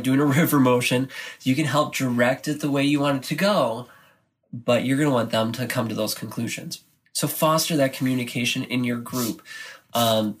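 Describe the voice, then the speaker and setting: Man, husky voice, energetic, animated, podcast teaching tips, choir director. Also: medium pitch. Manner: energetic, animated, acts out classroom moments.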